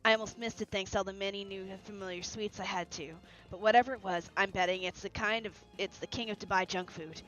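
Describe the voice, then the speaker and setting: A woman's voice: medium pitch, steady tone, quick pace, few pauses, fairly bright tone, close to an everyday voice. A woman reading as an upbeat young heroine. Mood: cheerful. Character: upbeat young heroine exploring a big city. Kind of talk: reading game dialogue aloud. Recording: lo-fi with faint music.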